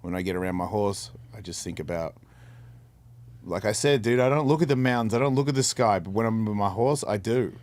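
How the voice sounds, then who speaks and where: A man's voice: fairly low pitch, a little fast, a little mellow. A middle-aged man telling a personal story candidly on a podcast, in earnest, rambling, casual talk. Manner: repeats and restarts words mid-sentence. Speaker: podcast co-host.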